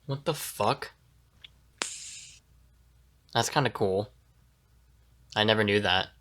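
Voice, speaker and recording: A man's voice: fairly low pitch, slow, sharp tone, a little hiss or hum. A man co-hosting a casual podcast, swearing freely and laughing often. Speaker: podcast co-host. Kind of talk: casual chat.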